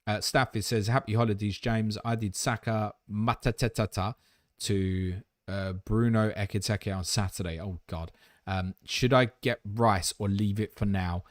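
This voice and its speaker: Blunt low-voiced man hosting. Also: fairly even intonation, measured pace, no echo, clean studio sound. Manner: blunt, jokey, reads viewer questions aloud. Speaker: livestream host answering viewer questions. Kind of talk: fast casual livestream Q&A.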